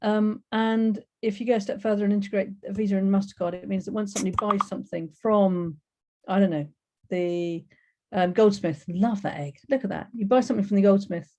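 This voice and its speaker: A woman's voice: mid-range voice, fairly even intonation, fairly quick, warm tone, muffled recording. A woman giving a chatty, enthusiastic webinar presentation over a video call, with many fillers.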